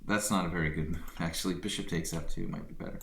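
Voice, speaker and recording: A man's voice: low voice, fairly even intonation, fast, echoey room. A man hosting a live chess stream, chatting casually with viewers and thinking aloud about his moves. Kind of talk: casual live-stream commentary while playing.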